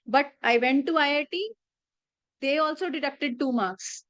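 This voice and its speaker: Her high, somewhat bright voice moves a little slowly as she recounts classroom moments, chatting easily and weaving in Hindi. She's a teacher in her late thirties with an Indian accent, captured in a slightly muffled dry recording with no echo.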